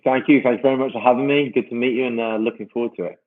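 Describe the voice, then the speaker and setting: A man's voice: mid-range voice, fairly even intonation, very fast, phone-quality sound. A man from the UK, a rugby player guesting on a podcast, modest and good-humoured. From United Kingdom.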